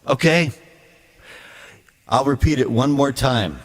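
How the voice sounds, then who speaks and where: A man's voice: medium pitch, slow, long pauses. A man speaking a blunt, emphatic ranting monologue to his viewer as a video creator.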